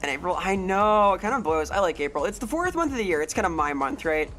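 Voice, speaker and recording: A woman's voice: lowish voice, sing-song, quick pace, a bit bright, faint music behind. A woman streaming a game live, rambling playfully, swearing freely and greeting chat members.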